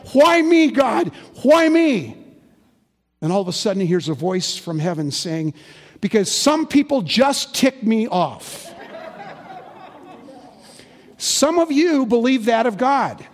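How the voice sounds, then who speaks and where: A man preaching in a church sanctuary, his voice pitched high for a man. He tells stories animatedly, rising loud and then dropping to a hush. A long reverb trails behind his words. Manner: animated storytelling, swinging from loud to hushed. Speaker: pastor. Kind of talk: sermon.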